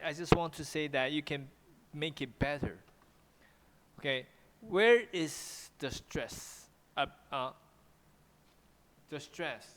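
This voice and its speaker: A man's voice: on the high side, a bit bright, in a large hall, slight background noise. A man with a Taiwanese accent teaching English pronunciation in an online class, often repeating himself and switching into Mandarin.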